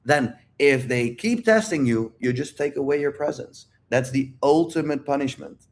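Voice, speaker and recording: A man with a medium-pitched voice and moderate pace works as a dating and life coach on a livestream. He talks straight to chat, addressing viewers directly in an emphatic, repetitive way and swearing a lot.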